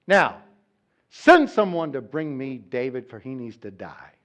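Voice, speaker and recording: A man's voice: medium pitch, very animated, a little slow, fairly bright tone. A man voicing a jealous old king who harshly accuses and commands, in a sermon retelling. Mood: angry.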